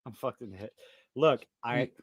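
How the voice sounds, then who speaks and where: A man hosting a live podcast stream, talking fast and excitedly in profane, rambling casual chat. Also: medium pitch, crowd noise.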